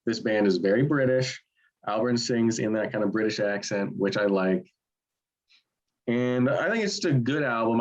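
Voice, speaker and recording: Rambling low-voiced man reviewing albums. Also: muffled recording. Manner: rambling, many fillers and restarts. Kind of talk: casual opinionated music chat.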